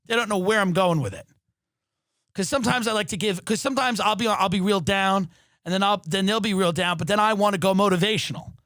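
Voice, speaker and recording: A man delivers a sardonic comic rant in a fairly high voice. His pace jumps from rushed bursts to slow, stretched-out lines, and he sometimes shouts for effect. The sound is close and dry, with no room echo. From New York. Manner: sardonic, exaggerated, swings between quick bursts and drawn-out lines. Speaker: podcast host. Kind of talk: comedic monologue rant. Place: home studio in Los Angeles.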